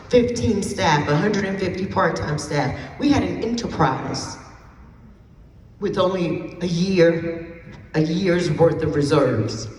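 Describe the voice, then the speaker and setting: A woman's voice: deep voice, slight background noise. A woman giving an emphatic personal testimony as a keynote speaker at an event, repeating phrases for effect. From New Jersey. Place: event hall. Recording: roomy hall from a distance.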